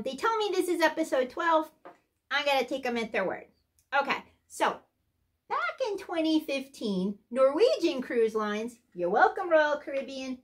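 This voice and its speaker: A woman doing a sarcastic, blunt cruise guest-services worker in a comedy sketch monologue. She rants with exasperated asides, her voice pitched a bit high and swinging lively up and down.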